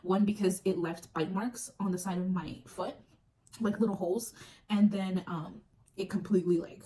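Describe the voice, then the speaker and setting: In a warm, medium-pitched voice at normal speed with fairly even intonation, a young woman shares a personal story on her vlog. She's chatty and full of fillers and acts out parts of it. The mic is distant, with faint noise.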